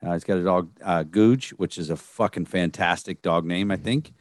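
A man hosting a casual podcast, introducing his guest. He speaks in a very deep, dry voice, relaxed and full of fillers. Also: normal speed, no echo. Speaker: podcast host.

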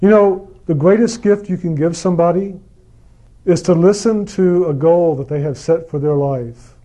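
A man giving a gentle, repetitive spiritual talk about meditation and enthusiasm. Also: a little high, moderate pace. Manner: gentle, repetitive, acts out quoted lines with mock enthusiasm. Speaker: spiritual speaker.

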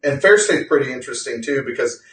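A man's voice: mid-range voice, expressive, fast talker, fairly bright tone, far from the mic. Rambling man, roomy and off-mic. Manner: rambling, laughs often, self-correcting. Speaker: podcast co-host. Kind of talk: casual chat.

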